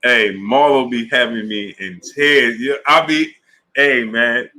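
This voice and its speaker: Animated, bright-voiced man hosting a live stream. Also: medium pitch, slow. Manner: animated, talks to chat viewers by name. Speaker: sports live-stream host. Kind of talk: casual live-stream commentary.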